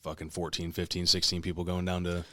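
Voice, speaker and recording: A man's voice: low voice, fast talker, dry recording, studio quality. A young man telling a story in casual chat, swearing freely and acting out what people said. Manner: profane, animated storyteller acting out quotes. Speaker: podcast co-host.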